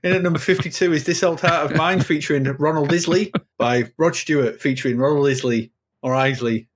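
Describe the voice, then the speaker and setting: A man's voice: on the high side, fast. A man co-hosting a podcast, playful and giggly, reading out chart entries in casual chat. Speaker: podcast co-host.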